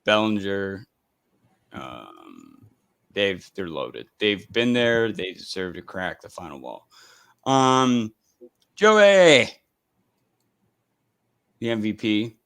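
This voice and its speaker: A man's voice: low-pitched, sing-song, slow pace, vocal fry, a bit bright, no echo, poor audio. Rambling male live-stream host. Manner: rambling, full of fillers and restarts. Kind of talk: casual live-stream chat.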